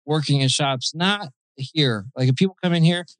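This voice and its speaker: Profane, animated tattooer host. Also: male voice, fairly high pitch, normal speed, dry recording, low-quality recording. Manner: profane, animated storytelling with mimicked quotes. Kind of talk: casual chat.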